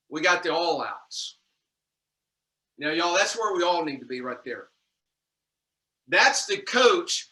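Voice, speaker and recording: This male leadership trainer speaks with a high-pitched, sharp tone, offering his team a folksy motivational talk on leadership. He says y'all and repeats himself as he goes, and the audio sounds echoey with a faraway mic.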